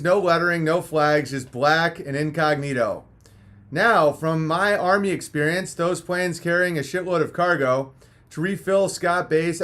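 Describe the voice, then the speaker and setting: Man, kinda high voice, rambling crude chat on a live stream, a bit punch drunk. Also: a bit bright. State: a little punch-drunk after hours of talking. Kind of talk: casual live-stream chat, reading viewer messages.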